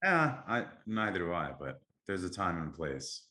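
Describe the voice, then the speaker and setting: Deep-voiced man hosting a podcast. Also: big pitch swings, measured pace, bright, forceful tone. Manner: upbeat, enthusiastic. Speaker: podcast host. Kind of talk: casual podcast chat. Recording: echoey room.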